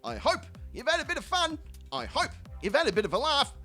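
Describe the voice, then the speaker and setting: A man's voice: big pitch swings, fairly quick, faint music behind. A man hosting a rowdy, profane comedic outro, rambling and playful. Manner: profane, rambling and playful, jumps between high shouts and low mutters. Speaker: channel host.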